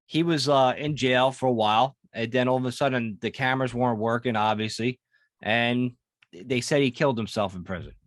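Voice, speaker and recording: Man, podcast host, joking, cursing, dry sound, average pitch. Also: a little fast, no room sound. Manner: joking, swearing, steers the topics. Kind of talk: casual chat. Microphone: podcast microphone.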